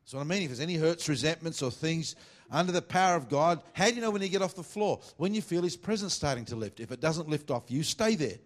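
A man preaching a sermon as pastor, mixing jokey, teasing asides to the congregation with emphatic preaching and slow, deliberate scripture reading. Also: a little high, animated. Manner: reads scripture slowly and deliberately.

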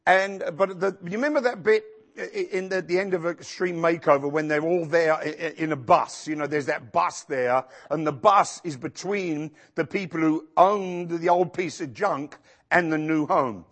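A male pastor preaching a sermon in a church, acting out quotes with sudden shouts. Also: on the high side, normal speed. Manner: animated, acts out quotes with shouts.

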